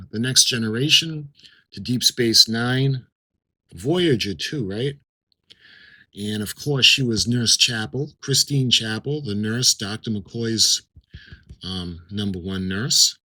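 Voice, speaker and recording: Middle-aged guy, kinda low voice but bright and forceful, chatty unboxing vlog talk. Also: low-quality recording. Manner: chatty, reads out captions with asides and laughs. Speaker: model-kit unboxing vlogger. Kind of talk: casual unboxing commentary.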